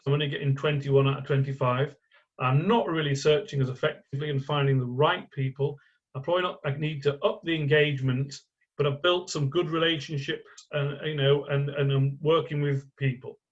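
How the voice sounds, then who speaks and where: A middle-aged man with a slightly high voice teaches in a chatty, rambling way. He asks the listener rhetorical questions and often stops to restart a sentence. The audio sounds dull and muffled. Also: steady tone, moderate pace. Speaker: online course instructor. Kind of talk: live screen-share tutorial.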